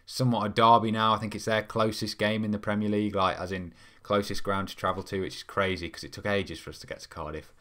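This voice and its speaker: A man's voice: lowish voice, level tone, fast, hardly any pauses, sharp tone. A young man, hosting a football fan live stream in a casual, rambling way, reading out viewer comments with lots of ums. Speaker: fan channel host.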